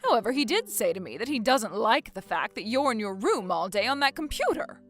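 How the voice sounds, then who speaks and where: A woman's voice: a little high, very animated, fairly quick, soft background music. A woman playing a bossy, scornful older mother-in-law who nags and orders people around. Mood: scolding. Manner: nagging, domineering.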